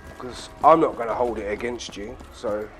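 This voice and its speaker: A man giving crude, profane commentary while playing a game, full of excitable banter and sudden shouts. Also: mid-range voice, normal speed, soft background music. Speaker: gaming channel host. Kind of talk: profane casual gameplay commentary.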